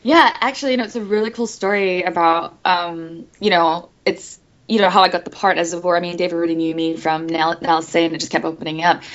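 A woman's voice: on the low side, fairly even intonation, quick pace, few pauses. Bubbly, giggly woman on a dull call line. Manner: bubbly, giggly, acts out quoted voices. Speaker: guest voice actress. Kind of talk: casual interview chat.

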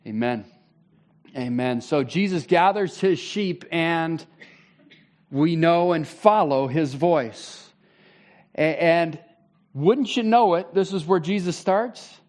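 A man in his thirties preaching a sermon as pastor, conversational and animated with sudden loud bursts. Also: on the high side, slow pace.

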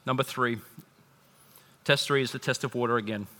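Male pastor preaching, bright and forceful, animated, recorded in a big reverberant hall. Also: mid-range voice, normal speed. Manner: animated preaching, swinging from loud emphasis to hushed intimacy. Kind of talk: sermon.

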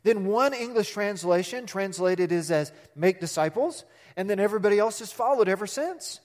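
A middle-aged man, a pastor, preaching a sermon in an animated way, acting out quotes and asking the congregation questions. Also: high-pitched, moderate pace, in a large hall.

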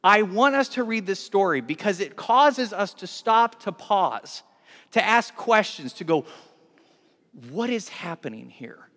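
High voiced pastor guy, super animated, church hall reverb trailing off. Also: measured pace. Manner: animated, acts out voices of villagers. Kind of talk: sermon. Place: church sanctuary.

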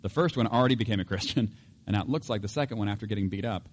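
Animated preaching man, joking. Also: fairly low pitch, very fast, a little hiss or hum. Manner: animated, joking, acts out voices, laughs often. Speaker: pastor. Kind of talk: sermon.

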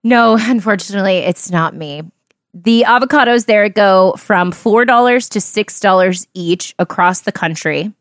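A woman's voice: medium pitch, a little slow, no echo, studio quality. A woman hosting a podcast in casual chat, reading news stories aloud and joking with her co-host. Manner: chatty, reads quotes aloud and laughs easily.

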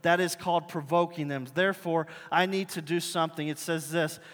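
A male pastor preaching a sermon in a high, bright voice. He talks in a conversational, animated way and acts out bits of dialogue. The sound rings with the long reverb of a big hall. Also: a little fast. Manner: animated storytelling, acting out dialogue.

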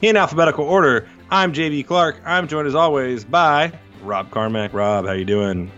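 A man's voice: fairly high pitch, normal speed, a bit bright, highs cut off. A man hosting a music podcast, opening the show and trading jokey, self-mocking banter with his co-host. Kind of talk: casual podcast chat.

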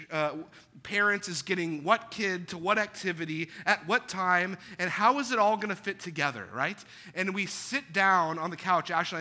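A man's voice: high-pitched, pushed and bright. A man in his thirties preaching a sermon in a church, telling stories in a conversational way and acting out the quotes. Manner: conversational storytelling with acted quotes. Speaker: pastor. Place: church auditorium.

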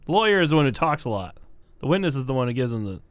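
A man's voice: medium pitch, very animated, rapid-fire, no room sound, clean studio sound. A man playing a tabletop game, bantering and joking with the game master. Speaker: player.

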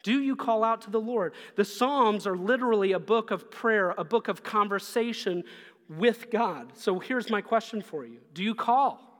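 A man's voice: high voice, animated, moderate pace, a bit bright. A man preaching a sermon as pastor, earnest and pressing his listeners with repeated questions. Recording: long hall reverb.

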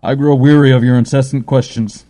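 A cold, impatient spirit guide, as a male narrator puts him on, lecturing loudly with clear disdain. The voice stays mellow and dark beneath its dismissive edge. It belongs to a spoken storybook reading. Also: medium pitch, steady tone, fairly quick, long reverb tail, natural voice.

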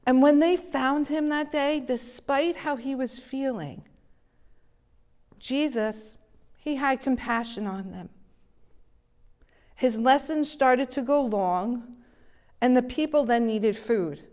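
A woman preaches a sermon at an unhurried pace, her voice sitting a little high. She speaks gently and lets her voice fall soft and low whenever she quotes someone. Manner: slow, gentle delivery, drops soft and low when quoting.

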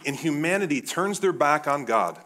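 A man in his thirties preaching a sermon as pastor, animated, often calling his listeners "guys". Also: fairly high pitch, moderate pace. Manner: animated, addresses the crowd as guys.

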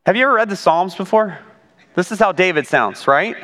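A man's voice: sits high, animated, brisk, fairly bright tone. A man giving a conversational sermon as pastor, full of asides and rhetorical questions. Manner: rhetorical asides, frequent "right?". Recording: long reverb of a large hall.

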